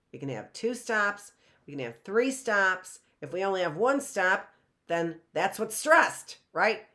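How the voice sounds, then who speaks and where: Middle-aged woman teacher, patient, sounds out every letter, lowish voice. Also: sharp tone. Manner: slow, explaining, sounds out words. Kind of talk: online phonics lesson.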